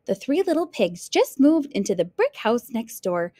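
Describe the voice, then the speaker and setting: A woman's voice: fairly high pitch, sing-song, normal speed, mellow, no room sound, studio quality. A woman voicing a kindly old grandmother in a storybook, in a cozy, suggesting manner. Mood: helpful.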